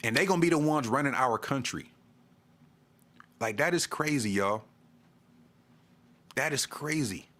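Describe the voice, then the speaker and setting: A man's voice: medium pitch, expressive, a little slow, long pauses, a bit bright. Exasperated man ranting about basketball. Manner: exasperated, repeats himself, stammers on restarts. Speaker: sports vlogger. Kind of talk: ranting fan commentary to camera.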